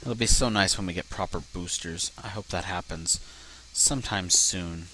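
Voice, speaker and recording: A man's voice: low voice, moderate pace, sharp tone, slight background noise. A man commenting casually on his own gameplay as a let's play host, swearing often when things go wrong. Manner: swears a lot, frustrated outbursts.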